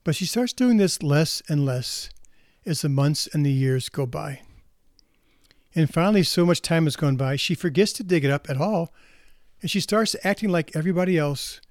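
A man's voice: a little high, moderate pace, a little mellow, no echo, studio quality. A man speaking earnestly as a counselor to parents, often restarting and repeating words as he talks. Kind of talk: reflective spoken talk.

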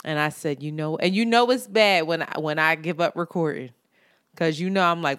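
Young woman telling an animated story. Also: deep voice, moderate pace, smooth, dry recording. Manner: animated storyteller, swears freely, acts out quoted people. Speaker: podcast co-host. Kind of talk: casual chat.

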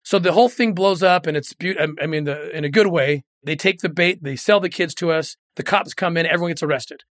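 A man's voice: a little high, a little fast, a bit bright, dry recording, studio quality. A middle-aged man, a guest in an interview, telling a moving story earnestly and often repeating words when moved.

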